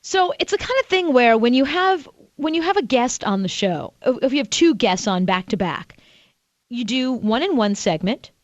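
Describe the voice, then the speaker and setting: A woman co-hosting a radio talk show, telling stories in a chatty, animated way. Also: a little high, normal speed, no echo. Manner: chatty storyteller, animated, laughs often. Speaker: radio show co-host and author. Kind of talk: casual radio banter.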